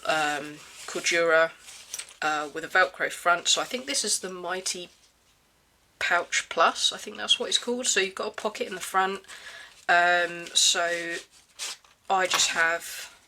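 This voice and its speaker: A vlogger showing off a pouch in a casual show-and-tell, slightly hoarse from hay fever and pausing often with ums and restarts. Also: mid-range voice, sharp tone, a little hiss or hum. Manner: hesitant, many ums and restarts. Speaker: everyday-carry gear reviewer.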